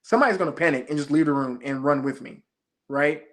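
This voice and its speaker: An animated young man with a fairly high pitch, a former game show contestant appearing as an interview guest, tells a story in casual chat. He retells it fast and excitedly, acting out his own shouts.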